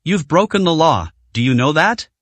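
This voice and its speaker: A man's voice: on the high side, animated, moderate pace, fairly bright tone, dry recording. A man voicing a stern middle-aged enforcement captain who barks orders in an audiobook story. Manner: stern, barking.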